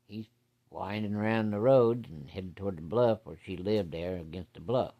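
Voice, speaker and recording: A man's voice: low voice, normal speed, dull audio. Folksy, salty male storyteller. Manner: folksy, salty, uses profanity. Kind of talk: casual spoken storytelling.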